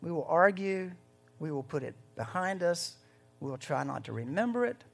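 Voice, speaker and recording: A pastor giving a conversational sermon, swinging between loud, rising bursts and hushed moments. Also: mid-range voice, very animated, normal speed, gravelly.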